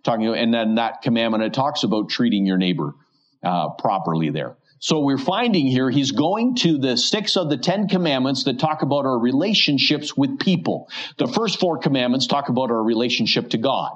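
A man preaching an expository sermon, reading scripture slowly and asking his listeners questions. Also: mid-range voice, animated, dull audio. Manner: reads scripture slowly and deliberately, asks rhetorical questions.

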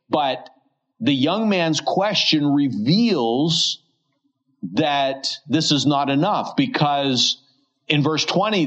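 A man preaching an expository sermon, reading scripture slowly and asking his listeners questions. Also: mid-range voice, muffled recording. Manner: reads scripture slowly and deliberately, asks rhetorical questions.

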